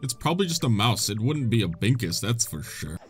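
A man giving excitable, jokey commentary while playing a video game, laughing often. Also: on the low side, brisk. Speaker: gaming video host. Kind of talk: let's play commentary.

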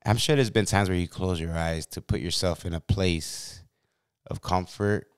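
A man's voice: sits low, normal speed, smooth, no echo, studio quality. A man hosting a podcast, talking in a laid-back, rambling way with many fillers. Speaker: podcast host. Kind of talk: casual chat.

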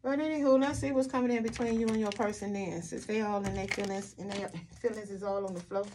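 A woman's voice: mid-range voice, fairly even intonation, fast talker, background noise. A woman doing a tarot reading for her viewers, blunt and emphatic, with frequent swearing and repeated rhetorical questions. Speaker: tarot reader.

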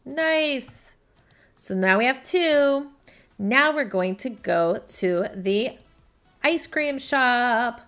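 A woman with a fairly high voice hosts a casual gameplay live stream. She talks in a chatty, gushing way and keeps greeting her viewers by name. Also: lively intonation, very slow, a bit bright. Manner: upbeat, gushing.

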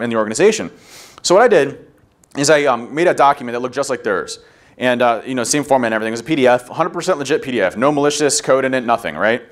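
Man, conference talk, very fast speech, mid-pitched, animated storytelling. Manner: rapid, animated storytelling, acts out quotes. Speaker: security conference speaker. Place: conference room.

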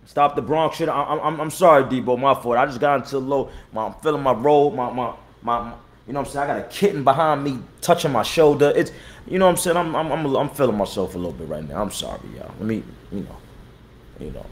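A battle rapper in his thirties hosts his own live stream, talking casually. He's blunt and profane, repeats himself, gives viewers shout-outs and says he's tired. His voice is medium-pitched and his pace quick.

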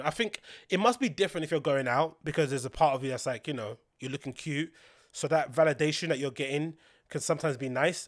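A young man, rambling through a casual podcast monologue, swearing freely and getting animated when he tells stories. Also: on the high side, no echo, clean studio sound. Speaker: podcast host.

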